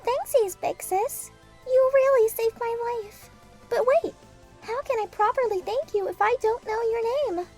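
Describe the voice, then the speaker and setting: Squeaky childlike space-probe girl. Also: measured pace, darkish tone, soft background music. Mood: cutesy. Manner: babyish cutesy talk flipping to blunt swearing. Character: sentient space-probe in anime-girl form, childlike, gleeful, chaotic. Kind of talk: comedy audio drama.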